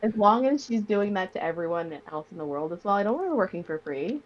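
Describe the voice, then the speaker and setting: A woman's voice: mid-range voice, animated, fast talker, lo-fi sound. A woman chatting enthusiastically as a podcast guest in a casual conversation. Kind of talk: casual chat.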